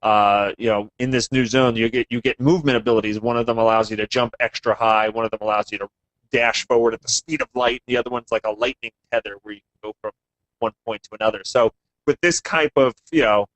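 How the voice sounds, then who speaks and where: Laid-back dude talking games, lots of "you know", mid voice, dry mic. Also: male voice, medium pitch, fairly even intonation, fast, a bit bright, no room sound, rough recording. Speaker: co-host. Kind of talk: casual gaming show chat.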